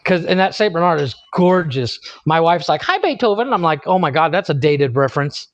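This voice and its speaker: A man's voice: a little high, a little fast. A man in his thirties co-hosting a podcast, chatting casually, swearing freely and laughing at his own stories. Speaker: podcast co-host. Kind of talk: casual chat. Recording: dry, muffled lo-fi sound.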